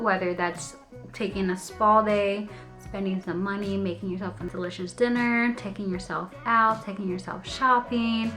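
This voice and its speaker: A young woman talks straight to camera in a personal vlog, open and chatty with easy laughs. Her voice sits at an ordinary middle pitch, and she slows down and softens when things turn tender. Soft music plays faintly underneath. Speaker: vlogger.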